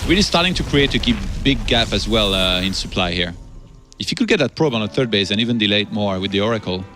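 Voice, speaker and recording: A man commenting on a live esports match, analytical and steady as he breaks down each player's position. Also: on the low side, fast talker, soft background music. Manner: analytical, breaks down the game state.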